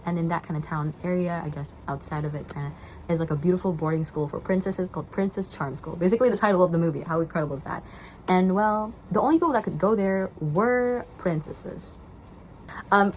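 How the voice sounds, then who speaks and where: A woman's voice: on the low side, a little hiss or hum, low-quality recording. A young woman chatting casually as she recaps a movie, rambling with lots of fillers. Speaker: vlogger.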